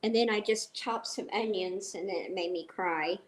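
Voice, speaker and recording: A woman's voice: mid-range voice, moderate pace. A middle-aged woman with a stuffy nose, live streaming casually while cooking, chatting with viewers and telling rambling stories. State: stuffy, blowing her nose.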